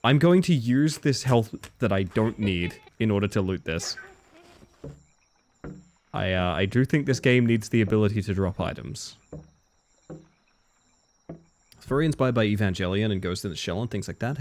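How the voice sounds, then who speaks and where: A man's voice: fairly low pitch, expressive, moderate pace, long pauses, darkish tone. A man streaming a video game live, chatting casually with viewers and reacting to the game as he plays. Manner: chatty, answers chat and reacts to the game as he goes. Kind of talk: casual live-stream commentary while playing.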